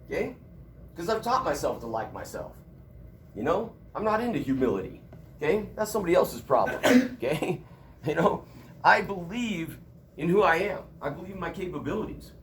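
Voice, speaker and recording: Lively joking college instructor, a man. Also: sits high, moderate pace, long pauses, a little hiss or hum. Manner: animated, joking storyteller. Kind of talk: casual classroom lecture. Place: classroom.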